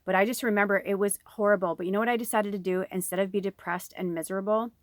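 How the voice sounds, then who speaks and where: A Chicago tarot reader in her forties tells viewers a personal story from inside an RV, rambling emotionally and swearing plenty. Her medium-pitched voice holds a steady tone even as she talks fast, and the audio is studio quality with no room sound.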